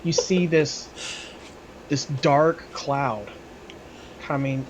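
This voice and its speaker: A man serves as game master, voice sitting a little high for a man. He paints the scene in loose, unhurried bursts, circling back to find the right words. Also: dull audio, slight background noise. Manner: describing scenes with many fillers and restarts. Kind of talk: narrating a tabletop game.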